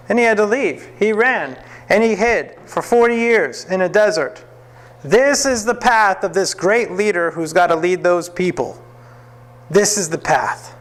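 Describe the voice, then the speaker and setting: A man teaching a classroom Bible lesson, telling the story in a lively way, acting out the quotes and often laughing. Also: on the high side, unhurried.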